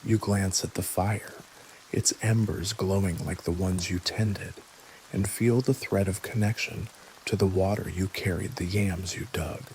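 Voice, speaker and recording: A man gently telling a scripted bedtime history story in the second person, with dry little jokes. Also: sits low, fairly even intonation, measured pace, slight background noise, poor audio. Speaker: narrator. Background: soft rain.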